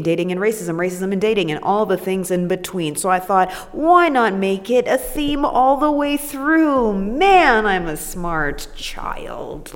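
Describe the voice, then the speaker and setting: A woman hosting a casual solo comedy podcast, irreverent and crude, talking to herself and cracking jokes. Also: medium pitch. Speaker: podcast host. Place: new home with echoey room. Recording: echoey room with long reverb.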